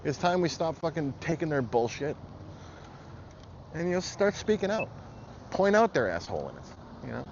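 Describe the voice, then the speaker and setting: A man's voice: a little high, very animated, normal speed, pauses often. Swearing man ranting over traffic noise. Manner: heated, profane, blunt. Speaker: vlogger. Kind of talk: angry political rant. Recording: muffled audio with loud traffic noise.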